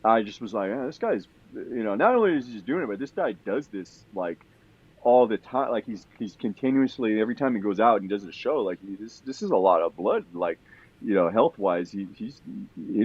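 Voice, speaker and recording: A man telling a long story on a podcast in a casual, rambling way, swearing freely and full of fillers and restarts. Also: on the low side. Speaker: podcast guest. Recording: dull lo-fi sound.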